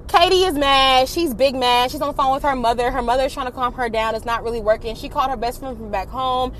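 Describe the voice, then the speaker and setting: A young adult woman casually telling a story, animated and profane, acting out what people said. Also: sits high, fast talker, hardly any pauses, a little hiss or hum. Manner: animated, profane, acts out quotes.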